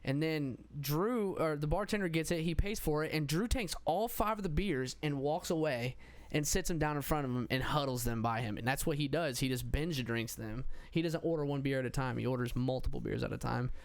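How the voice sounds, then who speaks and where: Young male podcast host, casual and rambling, smooth voice, slightly high. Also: brisk. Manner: rambling, restarts, swears freely. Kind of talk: casual chat.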